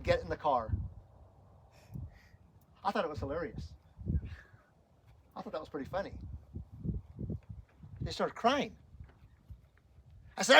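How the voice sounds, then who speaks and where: High-voiced man telling his story. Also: fairly bright tone, a little hiss or hum, poor audio. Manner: rambling, repeats words, acts out quoted voices. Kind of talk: personal storytelling talk to an audience.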